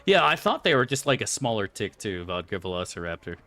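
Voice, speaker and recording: A man's voice: on the low side, sing-song, fairly quick, sharp tone. A man streaming a game, chatting loosely with his viewers and swearing freely. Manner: loose and rambling, swears freely, answers chat aloud. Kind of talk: casual live-stream chat.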